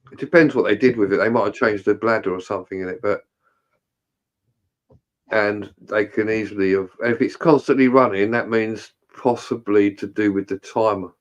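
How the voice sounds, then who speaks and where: A man's voice: on the low side, steady tone, normal speed. A man co-hosting a livestream in casual chat, jokey and rambling, swearing freely as he gives advice. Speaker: livestream co-host.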